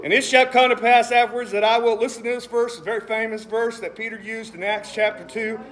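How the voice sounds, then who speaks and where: A man with an extremely high-pitched voice preaches a sermon at a brisk pace. He's animated, reads scripture aloud with emphasis, and cracks jokes between verses.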